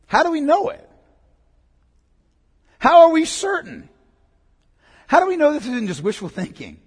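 A man's voice: very high-pitched, wildly swooping pitch, unhurried. A man preaching a sermon in an emphatic way, repeating key words and asking the congregation questions. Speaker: pastor. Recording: long reverb of a large hall.

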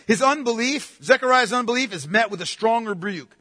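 High, bright-voiced preacher in a reverberant hall. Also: male voice, expressive, a little fast. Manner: emphatic, rhetorical questions to the congregation. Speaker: pastor. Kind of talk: sermon.

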